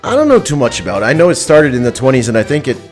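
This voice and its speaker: Cheerful guy cohosting a live stream, middle pitch, faint music under him. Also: sing-song, rapid-fire. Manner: upbeat, reads viewer comments, laughs easily. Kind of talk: casual live-stream chat.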